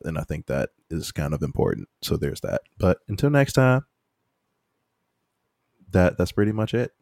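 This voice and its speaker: Man, very low voice, laid-back rambling podcast chat, dry close mic. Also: very animated, normal speed, vocal fry, a little mellow, dry recording. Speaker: podcast co-host.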